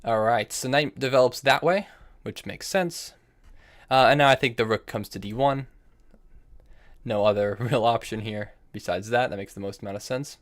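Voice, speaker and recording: A man's voice: medium pitch, moderate pace. A young man streaming chess online, thinking aloud about his moves, repeating himself and answering chat messages between moves. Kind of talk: live-stream commentary while playing chess.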